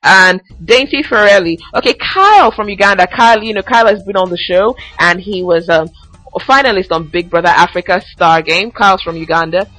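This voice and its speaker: A woman's voice: medium pitch, a little fast, a bit bright, soft background music, poor audio. A young woman hosting a casual commentary podcast, ranting with sassy asides and recapping reality show gossip. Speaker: podcast host.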